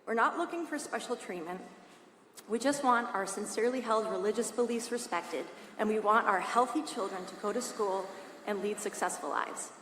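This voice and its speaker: A woman's voice: medium pitch, normal speed, fairly bright tone. A woman, a parent testifying at a public hearing, reads a prepared statement in a solemn, pleading way. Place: large state legislative hearing room. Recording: echoey hall, faint hiss.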